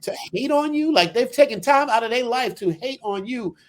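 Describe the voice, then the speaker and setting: Brief: higher-pitched man, loose heartfelt shout-outs to a podcast panel, lots of restarts. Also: lively intonation, normal speed. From US West Coast. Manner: rambling, heartfelt hype-man talk with many restarts. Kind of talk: casual group chat.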